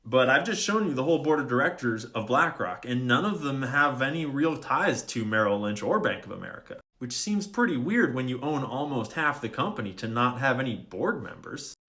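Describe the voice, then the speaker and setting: A man's voice: mid-range voice, lively intonation, normal speed, hardly any pauses, pushed and bright. A man talking casually to camera, explaining things step by step with wry, sarcastic asides and open questions. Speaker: video creator.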